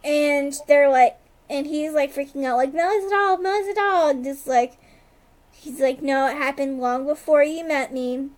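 High-voiced woman in rambling casual chat. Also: level tone, a little mellow. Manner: rambling retelling, heavy use of "like", quick asides. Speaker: podcast co-host recapping a TV episode.

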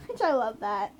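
A high-pitched woman with a slight Southern accent chats casually on a podcast she co-hosts, recapping a TV episode. She rambles with fillers, and there is slight background noise.

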